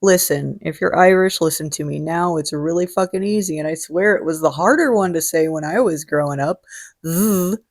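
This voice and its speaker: Woman, host, casual chat, salty humor, swears a lot, lowish pitch. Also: moderate pace. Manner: salty, jokey, swears freely.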